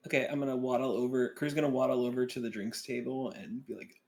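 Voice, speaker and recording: Gravelly man narrating his character. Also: steady tone, fast talker, darkish tone. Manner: describes his character's actions in third person, low-key. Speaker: player. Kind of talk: tabletop game play.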